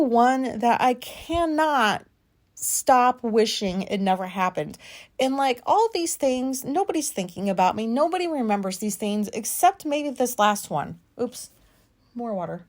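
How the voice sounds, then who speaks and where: A woman in her forties, hosting a podcast and talking through an embarrassing memory in a candid, rambling way, self-conscious and quick to swear. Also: a little high, animated. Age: 40s. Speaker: podcast host. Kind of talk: candid personal monologue.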